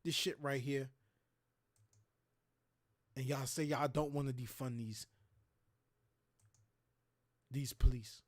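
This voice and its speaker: A man's voice: mid-range voice, steady tone, slow pace, pauses often. A man hosting a livestream, ranting in a heated, profane, preachy way. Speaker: show host. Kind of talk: impassioned livestream rant.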